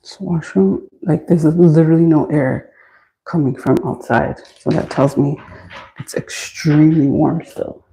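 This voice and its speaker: A woman's voice: deep voice, fairly even intonation, unhurried, mellow, rough recording. A woman hosting a casual livestream, chatting with viewers and answering chat comments while working on a wig in a small washroom, recorded on her phone. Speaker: livestream host styling a wig. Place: small warm washroom indoors. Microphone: phone camera.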